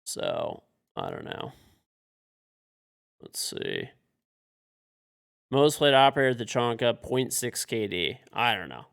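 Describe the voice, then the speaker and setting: Guy streaming games, fed up, cussing and muttering, gravelly voice that jumps all over. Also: medium pitch, huge pitch swings, slow pace, long pauses, fairly bright tone. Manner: frustrated, swearing, muttering to himself. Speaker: game streamer. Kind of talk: live-stream commentary while playing.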